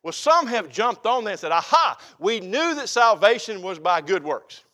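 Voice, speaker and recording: An older pastor with a drawl, preaching with a fairly high-pitched voice. He talks in a folksy, homey way and leans hard on key words, drawing them out for emphasis. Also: big pitch swings, moderate pace, bright, forceful tone. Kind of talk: expository sermon.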